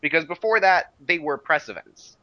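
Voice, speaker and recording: A man's voice: fairly high pitch, expressive, moderate pace, muffled recording. A man co-hosting a casual podcast about video game history, rambling with many restarts and "you know" fillers. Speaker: podcast co-host.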